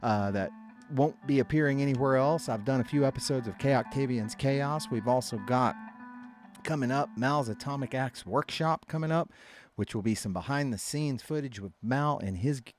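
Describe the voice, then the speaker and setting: A man's voice: medium pitch, moderate pace, faint music behind. Rambling man hosting a band stream. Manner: rambling, filler-heavy, laughs often. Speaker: band member and stream host. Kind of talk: casual live-stream chat.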